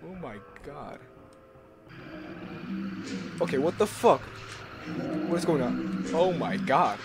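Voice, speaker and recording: The recording is very noisy as a young man with a slightly high voice plays a horror game for his YouTube channel, speaking slowly. Jumpy and loud, he curses a lot, lets out yelps and screams at scares, and keeps saying the same things over.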